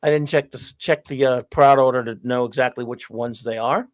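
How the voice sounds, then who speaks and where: A man's voice: medium pitch, steady tone, brisk, dry recording. A man hosting a casual live show, rambling and joking at his own expense. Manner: rambling, self-deprecating joker. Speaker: host. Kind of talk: casual livestream chat.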